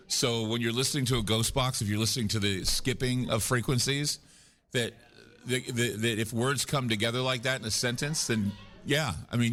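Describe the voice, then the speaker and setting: Speaking live at a paranormal conference, a guest with a mid-range, somewhat bright voice chats casually. He's a rambling, joking storyteller whose long anecdotes often land at his own expense.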